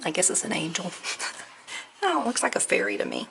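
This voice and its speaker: A woman chatting through an unboxing, gushing softly and at times dropping to a near whisper. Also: medium pitch, very animated, normal speed, creaky, long pauses, very noisy. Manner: gushing, soft-spoken, often near a whisper. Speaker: crafting vlogger. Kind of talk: unboxing chat.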